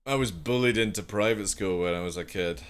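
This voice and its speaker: This young UK live streamer has a lowish, smooth voice and a brisk pace. He chats casually with his viewers, rambling, cursing freely, and reading out the chat.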